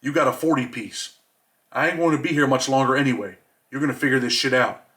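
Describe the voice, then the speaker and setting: A man reads as a tough-love convict who coaxes a younger inmate along in plain, gruff street talk. The voice stays bright and forward, and the delivery is streetwise and blunt rather than theatrical. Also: medium pitch, fast talker, close to an everyday voice. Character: blunt, protective male prison inmate mentor.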